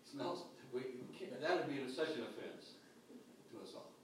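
A pastor preaching a sermon with dynamic swings between loud calls and hushed, quiet lines. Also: male voice, mid-range voice, animated, moderate pace, far from the mic, slight background noise. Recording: echoey hall picked up from afar.

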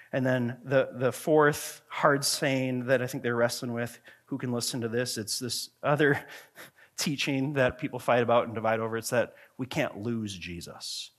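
Earnest male pastor preaching conversationally. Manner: swings from quiet, low passages to loud, high emphatic questions. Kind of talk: sermon.

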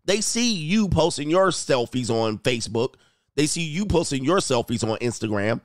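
A man's voice: mid-range voice, lively intonation, normal speed, dry recording, studio quality. A man hosting a reaction commentary channel, blunt and mocking, repeating phrases for emphasis. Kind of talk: reaction commentary on a video clip.

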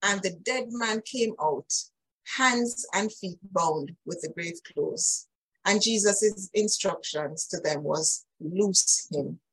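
A woman's voice: mid-range voice, slow, a bit bright, husky, rough recording. A woman preaching a sermon, earnest and emphatic, speaking directly to her listeners.

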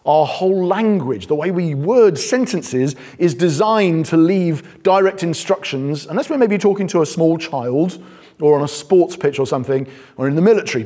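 A British man preaching to a congregation, his slightly husky voice rising and falling with animated swings of pitch. He mixes dry, self-deprecating humour with firm emphasis. The sound carries a long reverb from the hall. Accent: British English. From Britain. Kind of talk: sermon.

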